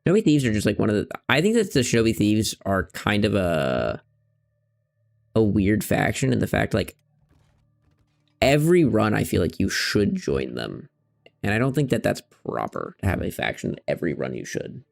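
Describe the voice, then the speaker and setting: A man's voice: lowish voice, wildly swooping pitch, normal speed, gravelly, long pauses. A man streaming a game, chatting playfully through casual let's-play commentary and stopping to talk to his pet cat.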